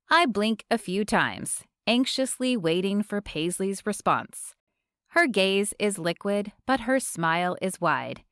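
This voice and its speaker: A woman narrating a romance audiobook in a measured, expressive reading from a close studio mic. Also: medium pitch, smooth, no room sound.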